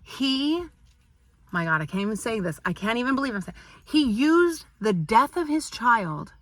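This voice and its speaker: A woman's voice: on the high side, big pitch swings, normal speed, no echo. A woman vlogger ranting to camera in an indignant, exasperated tone, firing off repeated rhetorical questions. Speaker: parent and business owner.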